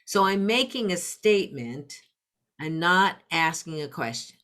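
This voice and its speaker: A woman's voice: on the low side, animated, a little slow, fairly bright tone. A middle-aged woman, a parenting coach and podcast guest, explaining step by step and acting out example phrases. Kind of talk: explanatory interview talk.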